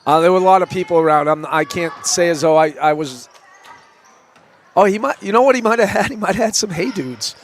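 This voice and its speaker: A man's voice: high voice, fairly quick, a little hiss or hum. A man, a coach, giving color commentary at a basketball game, wry and self-deprecating, laughing easily.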